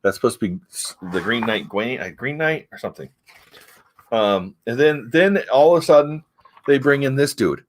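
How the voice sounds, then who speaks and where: A man's voice: medium pitch, animated, normal speed. A middle-aged man from the United States chatting casually about comics, rambling and hesitant but frank. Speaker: comic review host. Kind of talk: casual chat.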